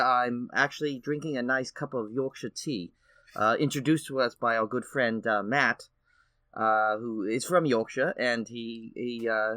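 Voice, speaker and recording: Man putting on a bad British accent, a bit hoarse, dry recording. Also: mid-range voice, fairly bright tone, no echo. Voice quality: hoarse, under the weather.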